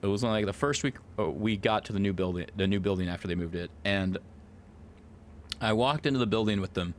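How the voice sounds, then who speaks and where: Excitable, profane man streaming casually. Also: on the low side, fairly quick, a little hiss or hum. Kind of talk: casual live-stream chat.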